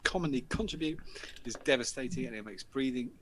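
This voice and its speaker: A man's voice: mid-range voice, quick pace, a little hiss or hum. A British man hosting a show, chatting in a casual, sweary way and laughing as he tells stories and reads news items. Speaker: host. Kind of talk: casual banter and reading news.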